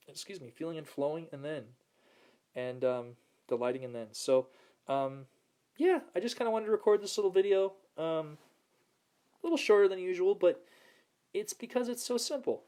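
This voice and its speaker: A man's voice: high-pitched, warm tone. A man hosting a casual motivational video, reading viewer comments aloud and laughing often as he talks. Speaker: host of a self-help video. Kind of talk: casual motivational talk to camera.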